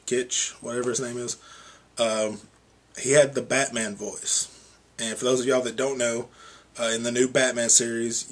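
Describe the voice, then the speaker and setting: A young man giving a casual, rambling movie review, full of "you know" and "um". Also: medium pitch. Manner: rambling, filler-heavy, with many "you know" and "um".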